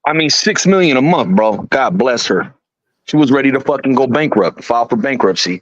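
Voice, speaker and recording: A man's voice: medium pitch, animated, brisk, dry recording, lo-fi sound. A man hosting a casual chat, laid-back and profane, laughing easily.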